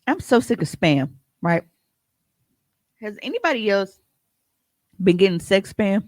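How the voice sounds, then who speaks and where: A podcast co-host telling stories in a casual, profane and animated way, often breaking into laughs. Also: medium pitch, unhurried, dry recording. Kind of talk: casual storytelling chat.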